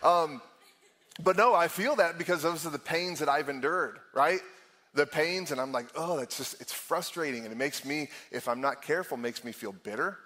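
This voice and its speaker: Middle-aged male lead pastor, candid sermon delivery, slightly higher voice, acts out his own thoughts. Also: moderate pace, pushed and bright. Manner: candid and self-deprecating, laughing often, acting out his own inner voice.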